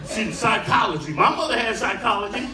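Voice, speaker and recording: A man doing stand-up comedy to a live audience, animated and bursting into shouted punchlines. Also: sits high, brisk, noisy background. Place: cruise ship showroom, live audience. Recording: echoey room, far mic, crowd laughter.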